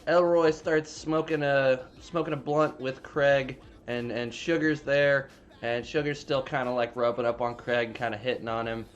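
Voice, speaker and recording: A man's voice: mid-range voice, fairly even intonation, moderate pace, muffled recording. A man casually retelling a movie plot in a rambling, profane, filler-heavy way. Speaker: movie reviewer. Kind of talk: casual spoiler recap.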